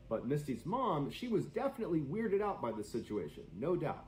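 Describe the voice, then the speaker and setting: Man telling scary stories, lively pitch. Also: fairly quick, hardly any pauses, reverberant, slight background noise, low-quality recording. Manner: dramatic, suspenseful delivery. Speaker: streamer. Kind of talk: storytelling on a live stream.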